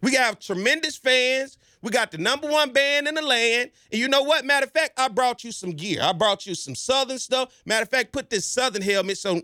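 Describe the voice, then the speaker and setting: Male sports fan-show host, high voice, slangy and persuasive, dry close sound. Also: expressive, brisk, few pauses, bright, forceful tone, no echo. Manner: emphatic, persuasive, often addresses listeners directly; slangy and conversational. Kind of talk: casual commentary monologue.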